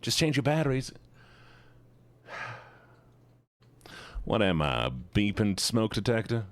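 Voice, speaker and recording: A man with a sing-song voice takes his time on a livestream, with no room sound. He chats playfully with viewers, teasing himself often, his pitch jumping suddenly here and there.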